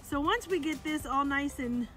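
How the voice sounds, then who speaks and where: A woman's voice: sits high, moderate pace, fairly bright tone, faint music behind. A middle-aged woman, a campground host, cheerfully explaining an outdoor cooking demonstration step by step outdoors. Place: outdoor campground by a fire pit.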